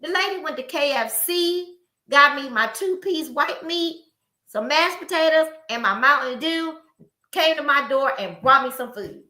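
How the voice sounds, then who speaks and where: Animated woman telling stories in an echoey room. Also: sits high, measured pace. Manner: animated storytelling, acting out quoted people. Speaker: podcast co-host. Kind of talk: casual chat.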